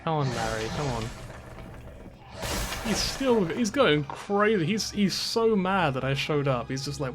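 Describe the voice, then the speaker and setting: A man commenting on his game stream in a loose, self-deprecating way, swearing freely. His voice sits a bit high. Game music plays clearly under his talk. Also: big pitch swings, unhurried. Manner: chatty, self-deprecating, swears and laughs often.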